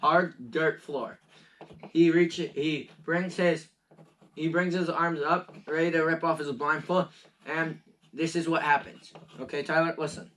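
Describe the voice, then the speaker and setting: A man narrating as game master of a tabletop game, halting and often repeating himself. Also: on the high side, fairly even intonation, a bit bright, slight background noise.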